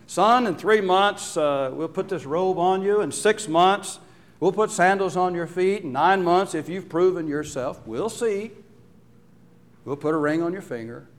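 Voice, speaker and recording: A man's voice: sits high, unhurried, voice pushed up. A man playing a stern conditional father. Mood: bargaining.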